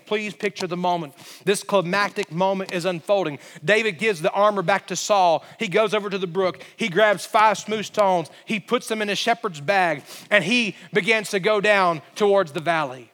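A man's voice: sits high, normal speed, hardly any pauses, a bit bright, big-room sound. A male pastor delivering a sermon in a church sanctuary, telling the story dramatically and building to emphatic peaks.

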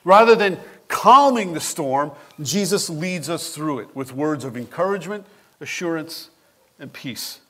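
A male pastor preaches a sermon at an unhurried, deliberate pace, his voice a little higher than most men's. His delivery is expressive and animated, and he puts questions straight to the congregation.

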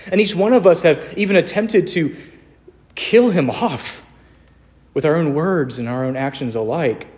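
A young man preaching a sermon in a church, earnest, slowing down to stress quoted scripture. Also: a little high. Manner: earnest, varied emphasis, slows on quoted scripture. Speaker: pastor. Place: church sanctuary.

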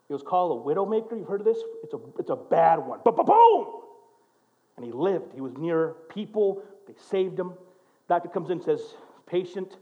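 A man preaching a sermon as a pastor, telling stories and acting out quotes in an animated way. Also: high voice, highs cut off. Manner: animated, storytelling with acted-out quotes.

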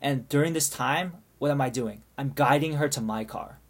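A man's voice: mid-range voice, moderate pace. A man telling a long story in casual chat, rambling with many restarts and asides. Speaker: storyteller asking for advice.

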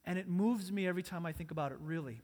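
A male pastor preaching a sermon, earnest and repetitive, moving between hushed and loud. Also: high-pitched, very fast. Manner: earnest, repeating phrases, swings between soft and loud. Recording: long hall reverb.

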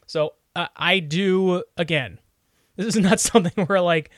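A man's voice: high-pitched, a little slow, no echo, studio quality. A young man chatting casually and joking as a podcast co-host, rambling with many restarts. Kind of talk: casual chat.

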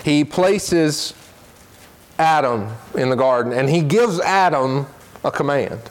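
Man, Sunday school teacher, earnest lesson delivery, slows down to stress points, reads scripture quickly. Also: fairly high pitch. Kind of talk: Bible lesson.

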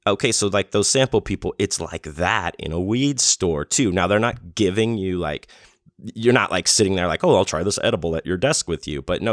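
A man with a very low voice hosts his own storytelling podcast. He rambles along in a relaxed, self-deprecating way, and the recording is close and dry with no room echo. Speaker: podcast host. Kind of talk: casual storytelling monologue. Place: home in Las Vegas.

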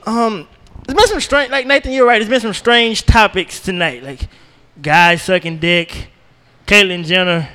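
A man's voice: high voice, steady tone, unhurried, bright, forceful tone, clean tone, in a large hall. A man doing a rambling, profane stand-up set at an open mic night. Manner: loose, profane, rambling storytelling with y'all. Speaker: stand-up comedian. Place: comedy club open mic.

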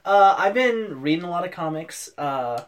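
Male podcast co-host, relaxed and teasing, slightly high voice. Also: normal speed, crowd noise. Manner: easygoing, laughs along, teasing. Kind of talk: casual chat.

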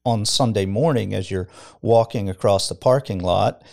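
Brief: middle-aged male pastor guest, lowish voice, thoughtful and storytelling with light chuckles, podcast studio. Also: normal speed, gravelly, darkish tone. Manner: reflective, chuckles while telling stories. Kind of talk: casual podcast conversation.

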